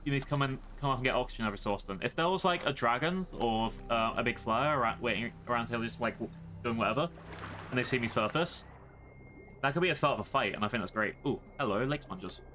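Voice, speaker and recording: A playful British man talking through a live game stream, his voice bright and sharp. He rambles easily and jokes with his chat, with a faint hiss of noise underneath. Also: medium pitch, fast. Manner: playful, chatty, talks to chat.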